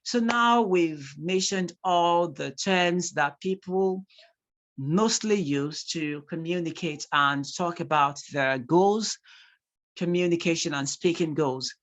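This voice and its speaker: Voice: medium pitch, takes it slowly, a bit bright. A speaking tutor with a Nigerian accent teaching a live online class, reading out replies from the chat and repeating key points for emphasis.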